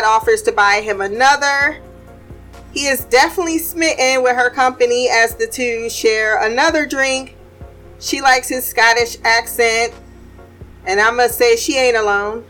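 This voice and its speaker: A woman's voice: on the high side, fairly bright tone. A woman hosting a casual TV recap, blunt and profane, laughing often as she reviews an episode. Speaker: TV recap podcast host.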